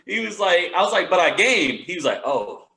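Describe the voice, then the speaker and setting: A man co-hosting a podcast, trading lively, laughing banter in casual chat. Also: high-pitched, a little fast, creaky, roomy sound. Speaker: podcast co-host.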